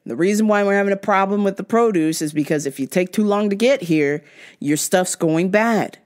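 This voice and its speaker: A young adult woman hosting a podcast, telling stories about rude customers in an exasperated, profane rant and mimicking people in high voices. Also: brisk. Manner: animated, mimics others in high-pitched voices. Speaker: podcast host. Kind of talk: ranting storytime.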